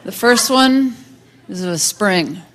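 A woman doing a stand-up comedy set with slow, dry, deadpan delivery and long pauses. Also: medium pitch. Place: comedy stage before a laughing crowd. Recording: crowd laughter and room noise.

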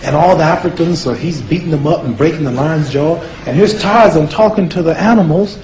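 A man's voice: fairly high pitch, fairly quick, poor audio. A man telling humorous, mocking stories to an audience and acting out voices and sounds. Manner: folksy, mocking, acts out quotes and sounds. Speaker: former boxer giving a talk. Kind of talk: humorous storytelling speech. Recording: steady background noise.

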